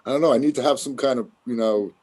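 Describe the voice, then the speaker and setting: A man's voice: mid-range voice, fast talker, a little mellow. A man with a New York accent in loose, joking podcast chat, laughing and trying out silly accents. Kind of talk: casual chat.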